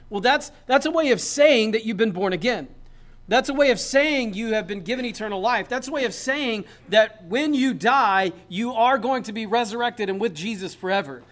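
Pastor guy with a fairly high voice, chatty sermon, jokes then gets fired up. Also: animated, moderate pace, fairly bright tone. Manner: conversational and joking, building to emphatic points.

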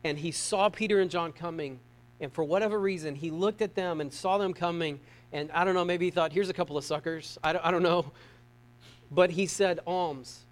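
A middle-aged man with a high voice preaches a sermon. He keeps it conversational and joking, often asking the congregation questions. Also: fairly quick. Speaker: pastor.

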